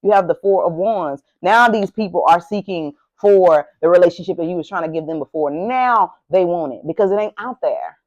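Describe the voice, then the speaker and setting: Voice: medium pitch, poor audio. Blunt, profane tarot reader ranting. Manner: blunt, heavily profane and emphatic; heated, ranting delivery. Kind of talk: casual tarot reading to camera.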